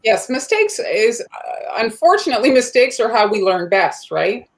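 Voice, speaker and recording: Chatty woman co-host, higher voice. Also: very animated, normal speed, poor audio. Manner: chatty, reads out viewer comments. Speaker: cookie decorating livestream co-host. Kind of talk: casual livestream chat.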